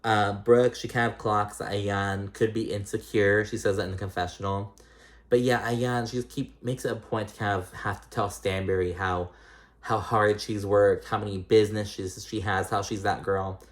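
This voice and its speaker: A man giving a casual, chatty recap of a reality TV episode, blunt and full of fillers, his pitch jumping up suddenly. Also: normal speed. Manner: chatty, filler-heavy and blunt, with frequent swearing; animated, with sudden jumps up in pitch.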